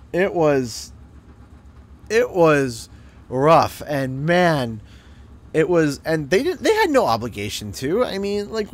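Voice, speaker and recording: A man streaming a game, telling a story casually and acting out what other people said. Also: on the high side. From Canada. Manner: animated, acts out other people's lines in changed voices. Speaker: gaming streamer.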